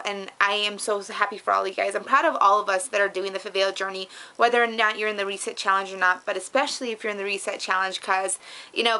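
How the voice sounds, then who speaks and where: A woman's voice: mid-range voice, sharp tone. A middle-aged woman giving an upbeat weight-loss update in a casual vlog, bubbly and effusive, repeating words for emphasis. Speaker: vlogger.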